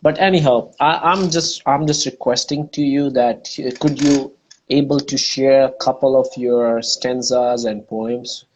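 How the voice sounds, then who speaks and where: A man's voice: mid-range voice, steady tone, a little slow, rough recording. Man with a Pakistani English accent. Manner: warm, chatty, searching for words, many fillers. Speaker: host. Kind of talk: casual interview conversation.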